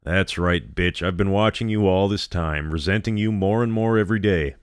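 A man's voice: low voice, normal speed, clean tone, dry recording, studio quality, close to an everyday voice. A man voicing a sneering evil twin woman. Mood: contemptuous. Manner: gloating and sneering. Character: cruel, mocking evil doppelganger young woman. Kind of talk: horror story reading.

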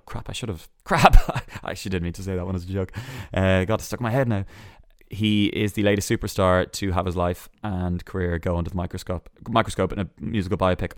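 A man hosting a solo entertainment news podcast, chatty and sarcastic, full of quick asides and restarts. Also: deep voice, dry recording, studio quality. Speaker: podcast host.

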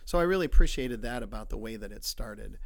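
A man joining as a guest in a casual discussion, explaining his thoughts in a measured way. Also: lowish voice, expressive, gravelly. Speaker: guest, ministry colleague.

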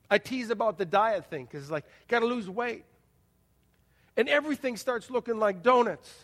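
A male pastor delivers a folksy sermon, peppered with rhetorical questions to his congregation. His voice sits high for a man, and he acts out quoted voices with sudden swings in loudness. A long church reverb trails every line.

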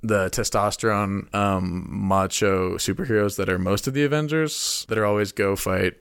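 Gravelly young man joking in casual chat. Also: on the low side, normal speed, fairly bright tone, no room sound, studio quality. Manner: playful, joking, rambling speculation. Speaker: podcast co-host.

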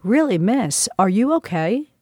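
A woman's voice: mid-range voice, very animated, measured pace, dark tone, husky, no echo. Worried flight attendants fret over a sick passenger, as a woman narrator puts them on. Their voices are plain, everyday and anxious. The sound is dry and close. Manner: anxious, concerned.

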